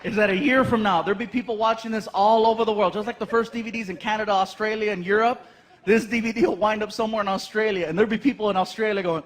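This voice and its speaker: A man doing animated stand-up comedy on a live stage, telling stories and acting out voices into a stage microphone. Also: sits high, quick pace. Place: live comedy stage before a laughing audience. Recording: live show with crowd and noise.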